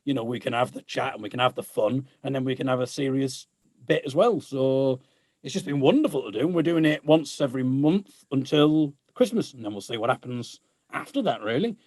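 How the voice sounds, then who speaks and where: A man's voice: medium pitch, lively intonation, brisk, darkish tone, no room sound, clean studio sound. A man, a guest musician chatting casually and laughing often at himself. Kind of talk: casual chat.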